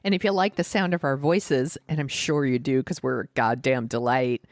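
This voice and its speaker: A woman's voice: rumbling low, fairly even intonation, moderate pace, no room sound, studio quality. A woman co-hosting a podcast, wrapping up with upbeat show plugs in a casual chat. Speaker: podcast co-host.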